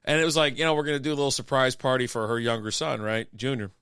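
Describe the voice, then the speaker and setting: A man's voice: medium pitch, fairly even intonation, very fast, a bit bright, clear, resonant tone, dry recording, clean studio sound. A man chatting casually as co-host of a beer and sports stream, rambling through profane stories with frequent laughs while sick with a cough. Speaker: podcast co-host.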